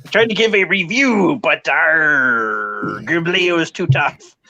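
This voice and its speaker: A man's voice: on the high side, expressive, takes it slowly, creaky, bright, forceful tone, dry recording, dull audio. A man hosting a casual livestream, sarcastically reading comments aloud. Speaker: streamer host.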